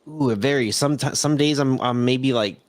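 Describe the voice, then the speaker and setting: A man with a Southern Californian accent co-hosts a casual live-streamed podcast, rambling and laughing often while reading chat messages aloud. His mid-range voice moves fairly quickly, and the recording is dry.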